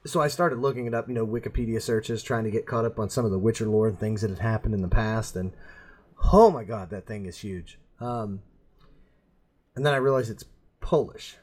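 A man's voice: on the low side, brisk, darkish tone. A middle-aged man chatting casually as a podcast co-host, rambling and self-mocking, laughing at his own jokes. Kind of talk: casual chat.

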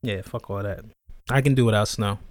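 A man's voice: on the low side, fairly quick. Laid-back, slangy man hosting. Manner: laid-back, slangy, drawls and repeats himself. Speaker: podcast host. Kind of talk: casual chat.

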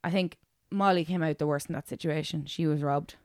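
A young woman co-hosting a casual podcast, telling an animated, sweary story. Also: sits low, brisk, dry recording, studio quality. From Ireland. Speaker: podcast co-host. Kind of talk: casual chat.

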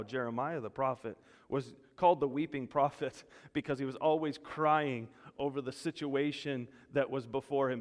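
A male pastor preaching a sermon, animated, rising loud and emphatic when he voices God's words. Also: mid-range voice. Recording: long hall reverb.

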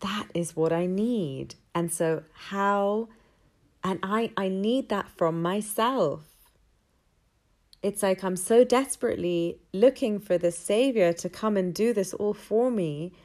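A woman's voice: mid-range voice, takes it slowly, darkish tone. A woman telling a personal story in a candid, rambling, reflective way.

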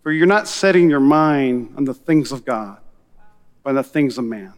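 A man's voice: mid-range voice, expressive, moderate pace, long reverb tail, pitched below the performer's own voice, lightly acted. A man preaching and voicing Jesus as a stern, solemn figure firmly rebuking a disciple.

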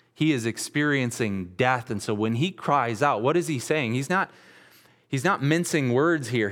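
A man's voice: fairly low pitch, big-room sound. A man in his thirties, a pastor giving an earnest, conversational sermon with frequent restarts. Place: church sanctuary.

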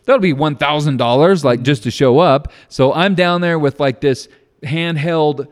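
A man's voice: a little high, a little slow. A man co-hosting a podcast, telling a story in a loose, rambling way full of fillers and restarts. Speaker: podcast co-host. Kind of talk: casual chat. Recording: long hall reverb.

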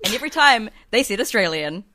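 A woman's voice: mid-range voice, sing-song, quick pace, bright, forceful tone. A woman co-hosting a casual podcast chat, gushing and chatty with lots of fillers. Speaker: podcast co-host.

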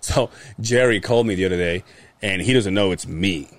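A man's voice: low voice, brisk, dry recording. A man hosting a podcast in casual chat, telling stories animatedly with plenty of swearing and mimicked voices. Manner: animated storyteller who swears often and mimics other people's voices. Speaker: podcast host.

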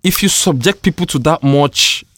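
Animated Nigerian man, dry close sound. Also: a little high, normal speed, dry recording. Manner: animated storyteller, exclaims in pidgin asides. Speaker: podcast co-host. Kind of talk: casual chat.

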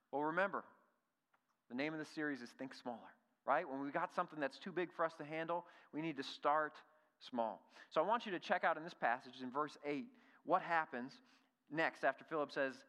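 Bright-voiced male preacher in an echoey hall. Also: medium pitch, normal speed. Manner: earnest, asks many rhetorical questions, repeats words. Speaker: pastor. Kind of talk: sermon. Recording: reverberant hall.

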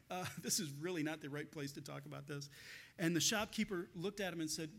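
A man's voice: on the high side, brisk, creaky, fairly bright tone, husky. A man pastor giving a conversational sermon, telling stories with frequent laughs and restarts.

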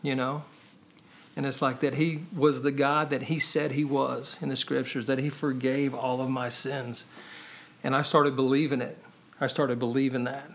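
A man's voice: medium pitch, flat delivery, moderate pace. A man sharing his personal testimony as a podcast guest, earnest and conversational, often adding "man" and "you know.".

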